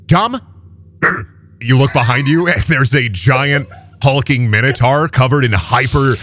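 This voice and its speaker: A man narrating as game master of a tabletop game, talking in a lively way with many fillers and restarts. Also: mid-range voice, unhurried.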